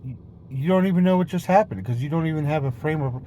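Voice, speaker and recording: A man's voice: fairly high pitch, quick pace, mellow, a little hiss or hum. A man rambling playfully in a casual monologue video, jumping between topics and swearing freely. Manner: playful, silly tone. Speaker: vlogger.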